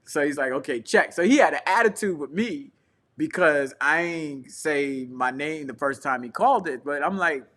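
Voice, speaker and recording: A man tells a travel story on his couch, bright and slightly high-voiced. He talks loose and slangy and acts out the people he met. It sounds like a relaxed co-hosted talk show. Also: moderate pace. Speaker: podcast co-host and traveling preacher. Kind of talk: casual storytelling chat. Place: home couch.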